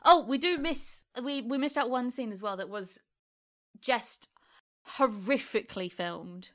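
A woman's voice: a little high, a little slow, fairly bright tone. A woman co-hosting a podcast, rambling through a casual chat with frequent laughs and casual swearing. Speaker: podcast co-host.

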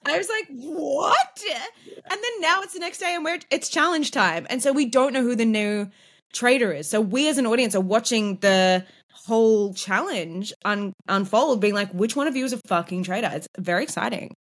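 A woman, co-hosting a podcast in casual chat, animated and swearing freely as she recaps a reality show. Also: a little high, normal speed. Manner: animated, swears freely, puts on voices when retelling scenes. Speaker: podcast co-host.

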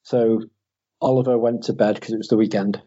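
A tired man with a mellow, slightly husky voice tells casual stories as a podcast co-host, often laughing at himself. The audio is dull and lo-fi. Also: fairly low pitch, fairly even intonation, fairly quick. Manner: laughing, storytelling, self-deprecating. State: tired from lack of sleep. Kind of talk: casual chat. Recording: dull lo-fi sound.

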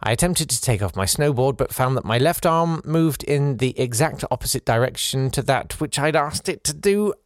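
Podcast host reading a listener's story, lively delivery with playful asides, dry close mic. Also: male voice, medium pitch, normal speed, few pauses, no echo. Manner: animated, playful asides between read passages.

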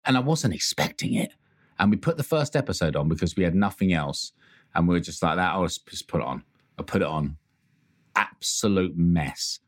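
A man's voice: low voice, expressive, normal speed. A middle-aged man co-hosting a podcast, chatting candidly and joking, swearing casually. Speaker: podcast co-host. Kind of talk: casual chat.

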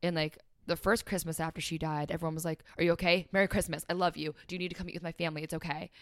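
A woman's voice: sits low, little pitch movement, very fast, no echo, studio quality. A young woman talking candidly and emotionally about her life as a podcast guest, with lots of "like" fillers and quoting others. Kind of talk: candid personal conversation.

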